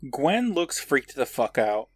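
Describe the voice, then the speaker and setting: A man recaps the story in a loose, chatty way, his pitch bouncing up and down as he narrates. He laughs often and swears without a second thought. The sound is close and dry, with no room around it. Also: sing-song, slow pace, breathy edge, no room sound. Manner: laughs while narrating, swears casually, acts out quotes. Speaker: podcast co-host. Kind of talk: casual episode recap.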